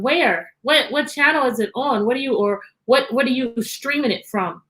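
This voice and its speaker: A woman's voice: sits high, normal speed, few pauses, fairly bright tone. A woman teacher hosting a live-streamed storytime from her computer at home, cheerfully greeting children by name.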